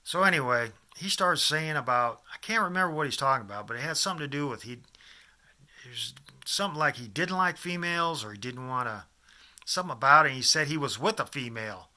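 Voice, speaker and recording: Bright-voiced rambling storyteller man. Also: medium pitch, expressive, brisk. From US Midwest. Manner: digressive, many restarts and asides. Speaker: vlogger.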